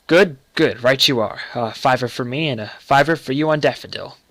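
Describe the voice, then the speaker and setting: A man's voice: mid-range voice, moderate pace, fairly bright tone, dry recording, lightly acted. A man playing a jovial, teasing middle-aged uncle with a bluff, laughing manner. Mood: amused.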